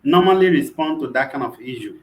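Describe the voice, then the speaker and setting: A man's voice: medium pitch, expressive, brisk. A man co-hosting, questioning and clarifying points in a casual debate. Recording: roomy echo.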